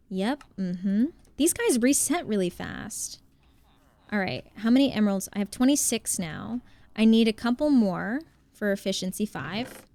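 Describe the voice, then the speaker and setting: A woman's voice: medium pitch, animated, unhurried, warm tone. A young woman live-streaming a game in a casual chat, thanking viewers by name and thinking aloud as she plays.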